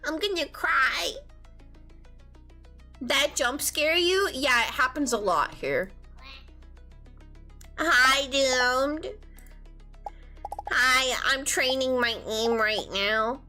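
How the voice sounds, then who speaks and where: A young woman with a high, bright voice that jumps all over its range, chatting to her stream viewers. She is whiny and playful and speaks at an unhurried pace. Faint music plays underneath. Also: lively intonation. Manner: whiny, playful, talks to chat. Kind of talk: casual live-stream chatter.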